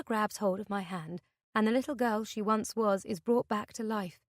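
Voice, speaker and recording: A woman reading a thriller audiobook in the first person, with a tense, measured delivery. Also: medium pitch, no room sound, studio quality. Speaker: audiobook narrator. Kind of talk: scripted narration.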